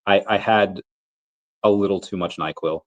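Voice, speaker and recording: A man's voice: deep voice, fairly even intonation, normal speed, lo-fi sound. A man in his thirties with the flu, coughing now and then, hosting a casual livestream Q&A and rambling through his thoughts with many restarts. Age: 30s. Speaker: crypto livestream host.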